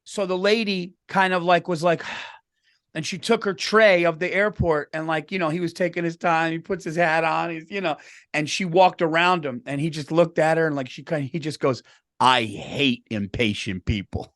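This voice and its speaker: A man's voice: a little high, fairly even intonation, moderate pace, fairly bright tone, dry recording, clean studio sound. A man co-hosting a comedy podcast, telling rambling anecdotes and saying "dude" constantly. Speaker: podcast co-host. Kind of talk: casual comedic chat.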